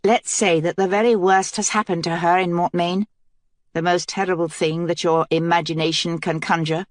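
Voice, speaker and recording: A woman's voice: lowish voice, little pitch movement, normal speed, dry recording, clean studio sound, close to an everyday voice. A woman voicing a determined young queen in an audiobook, speaking earnestly and with command.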